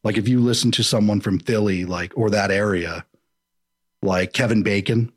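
A man's voice: lowish voice, normal speed. A man hosting a casual chat, rambling and jokey, who slips into impressions.

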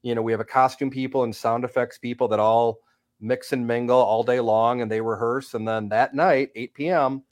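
A man's voice: medium pitch, fairly even intonation, moderate pace. A man guesting on a radio talk show, chatting casually about theater in a rambling, self-deprecating way. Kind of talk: casual radio interview chat.

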